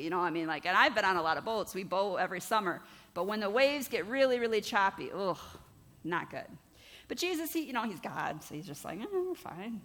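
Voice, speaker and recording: A middle-aged woman pastor giving a conversational, lively sermon, often checking in with the congregation. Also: on the high side. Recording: long church-hall reverb.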